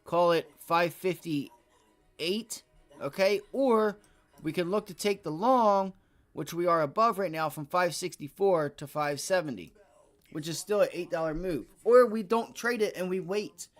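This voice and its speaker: A man's voice: high voice, a little slow. A man hosting a live day trading stream, giving casual, coaching market commentary and swearing freely. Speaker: day trading livestream host. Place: home trading office.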